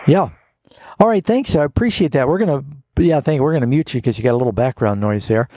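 A male radio pastor answers callers' Bible questions in a folksy, patient teaching manner. His voice is gravelly and mellow with a slightly husky edge. The studio sound is dry and close. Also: mid-range voice, quick pace, no room sound. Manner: explanatory, folksy, with homespun illustrations.

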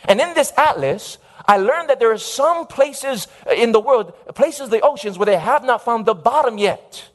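A humble old farmer father speaks earnestly and apologetically to his son, as a preacher acts him out. The voice sits high, and he sounds full of simple zeal. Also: expressive, normal speed. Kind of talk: story told in a sermon.

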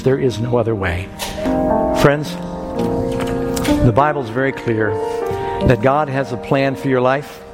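Male preacher, mid pitch, storytelling sermon, hall reverb, faint music bed. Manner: storytelling, rising to urgent pleading. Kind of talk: evangelistic sermon.

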